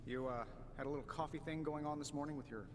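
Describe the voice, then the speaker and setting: An actor playing a wisecracking middle-aged inventor who talks in offhand slang. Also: male voice, on the high side, steady tone, fast, big-room sound, lightly acted. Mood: teasing.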